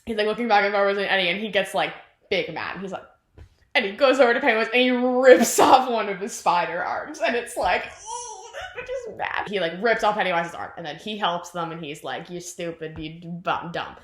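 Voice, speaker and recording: A woman's voice: mid-range voice, brisk. Rambling young woman retelling a plot. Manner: rambling, animated, heavy use of "like", acts out quotes. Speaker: vlogger retelling a film plot. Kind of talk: casual chat. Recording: echoey room.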